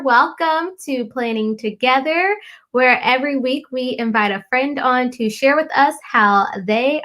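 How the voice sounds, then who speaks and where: A woman's voice: high-pitched, pushed and bright. A bubbly woman, hosting a casual live-stream chat and greeting viewers. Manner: bubbly, keeps saying "y'all". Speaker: host.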